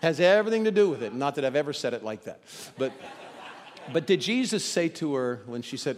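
A man preaching a sermon, moving between loud emphasis and hushed, dramatic quotes. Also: on the high side, very animated, a little fast, big-room sound.

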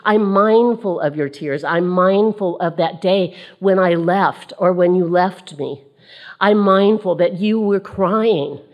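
Woman preacher, lower voice, unhurried delivery, emphatic repetition. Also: lo-fi sound. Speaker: women's ministry speaker. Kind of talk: sermon.

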